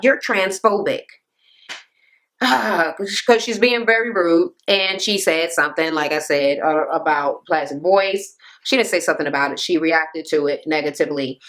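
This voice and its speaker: A woman giving a loose, animated, profane recap of a reality TV episode, with lots of ums and uhs. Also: medium pitch, a little slow. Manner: animated, profane, jumps into quoting people. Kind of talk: casual recap commentary.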